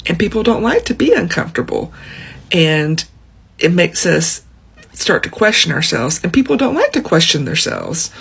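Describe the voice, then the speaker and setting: Guy talking real slow and deliberate, kinda gravelly and husky, higher pitched. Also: sing-song, a bit bright. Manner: slow, deliberate, speaking in measured phrases. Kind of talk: earnest social commentary.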